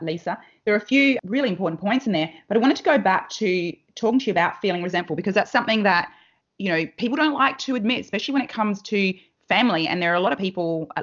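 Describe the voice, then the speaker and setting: A woman's voice: mid-range voice, fairly bright tone. A woman hosting a podcast interview, asking thoughtful questions in an encouraging way. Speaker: podcast host. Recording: muffled lo-fi audio.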